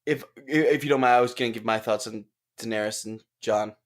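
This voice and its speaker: A man's voice: medium pitch, fairly quick. A man co-hosting a podcast who talks hesitantly, searching for words and repeating himself. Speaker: podcast co-host. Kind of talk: casual chat.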